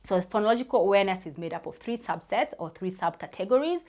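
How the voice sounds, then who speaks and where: A woman's voice: medium pitch, expressive, fast talker, darkish tone. A woman in her thirties, a speech therapist, explaining reading tips to parents in a chatty way, often saying "you know" and spelling out sounds.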